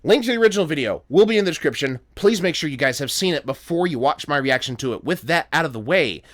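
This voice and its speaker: A man's voice: on the high side, lively intonation, fast talker. Chatty young man reacting to a video. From United States. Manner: chatty, interjects often, rambling asides. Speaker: reaction channel host. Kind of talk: casual reaction commentary.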